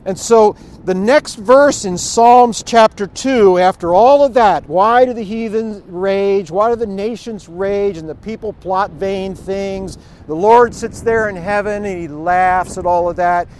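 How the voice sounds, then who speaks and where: A man's voice: high voice, a little slow, few pauses, a little mellow. A middle-aged man giving an informal, conversational sermon with storytelling asides and chuckles, recorded outdoors. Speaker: preacher.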